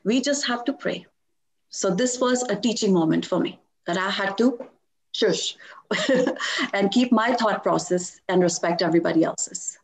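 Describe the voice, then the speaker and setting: A middle-aged woman sharing personal devotional stories in a lively talk, laughing often as she tells them. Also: mid-range voice, unhurried. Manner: animated storytelling with frequent laughs.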